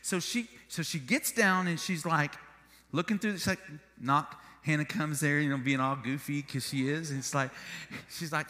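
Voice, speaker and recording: A man's voice: fairly high pitch, normal speed, in a large hall. A male pastor preaching a sermon, telling stories with humor and energy. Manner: animated storytelling with humor.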